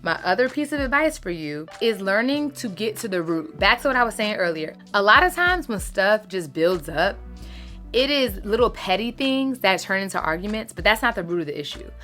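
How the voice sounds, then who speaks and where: A woman's voice: mid-range voice, very animated, moderate pace, a bit bright, faint music behind. A woman, giving casual, emphatic advice to her followers as a lifestyle creator. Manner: chatty, emphatic, uses "sis" and "baby".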